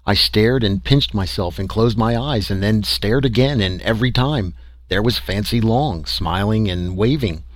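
A man narrating a story in an expressive, dramatic reading style. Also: fairly low pitch, no echo. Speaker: audiobook narrator.

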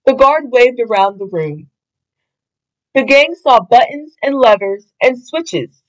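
Slow, expressive woman reading a picture book. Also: fairly high pitch, poor audio. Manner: expressive, deliberate. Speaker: storybook reader.

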